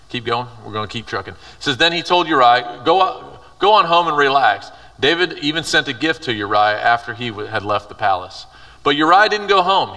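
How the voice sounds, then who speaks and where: A man's voice: medium pitch, sharp tone, distant mic. A man preaching a youth sermon, reading scripture aloud and retelling it in casual, conversational terms. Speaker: youth pastor. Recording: reverberant hall, voice from afar.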